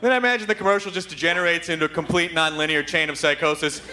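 A man's voice: on the high side, steady tone, rapid-fire, bright, forceful tone. A man hosting a live comedy podcast on a theater stage, hyper, rambling and profane. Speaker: podcast host. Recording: live venue with crowd noise.

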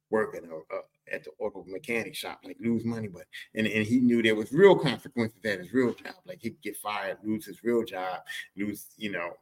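A man hosting a podcast, telling comedic stories about his family in a profane, rambling, animated way. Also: on the low side. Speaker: podcast host. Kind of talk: comedic personal storytelling.

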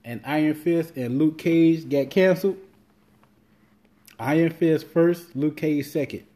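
Mellow-voiced man in a casual rant. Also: fairly high pitch, a little slow. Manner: loose, rambling, swears freely, acts out quotes. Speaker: podcast host. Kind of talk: casual monologue.

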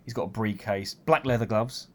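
A man's voice: fairly low pitch, fairly even intonation, moderate pace. Chatty man riffing. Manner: rambling, amused, many fillers. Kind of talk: casual comedic chat.

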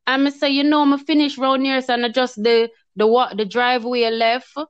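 A woman's voice: high voice, little pitch movement, moderate pace, clean tone, dry recording. A woman tells a personal testimony in casual talk, acting out her own past words with feeling. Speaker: guest telling her story. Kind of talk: emotional testimony in casual chat. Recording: dull, lo-fi sound.

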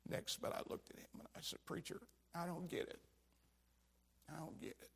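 Guy preaching, gravelly voice, tells a story w quotes, gets real quiet then shouts. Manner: retells a story, quoting others, voice rising to shouts and dropping low. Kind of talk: sermon storytelling.

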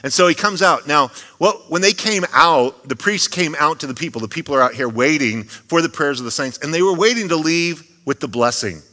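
A male pastor delivers a sermon, his voice bright and forward as it rings through a church hall with a long, lingering reverb. He keeps it conversational, dropping joking asides to the congregation between points. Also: a little high, animated, a little fast, hardly any pauses. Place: church sanctuary.

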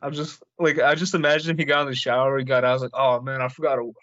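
A man's voice: mid-range voice, little pitch movement, fast talker, a bit bright, no echo. Young man in laid-back slangy banter. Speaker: podcast co-host. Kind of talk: casual chat. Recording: dull lo-fi dry recording.

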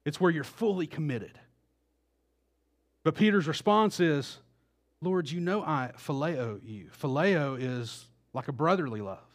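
A man's voice: fairly high pitch, animated, measured pace. A male pastor preaching a sermon, acting out the quoted voices with rising intensity.

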